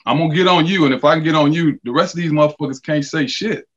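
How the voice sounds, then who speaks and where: A man's voice: a little high, fast, dull audio. A middle-aged man and former basketball player, a podcast guest telling profane stories casually and acting out the dialogue. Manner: profane, animated, acts out dialogue. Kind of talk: casual storytelling.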